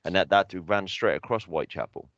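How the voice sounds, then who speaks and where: A man's voice: low voice, a little fast, fairly bright tone, no echo, dull audio. A man, co-hosting a podcast in casual chat, telling stories and giving blunt opinions. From England. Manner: opinionated storytelling, swearing. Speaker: podcast co-host.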